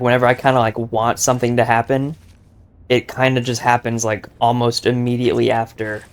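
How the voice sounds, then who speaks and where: A young man giving casual, joking gameplay commentary, boastful and rambling with lots of filler words. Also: mid-range voice. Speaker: gaming YouTuber.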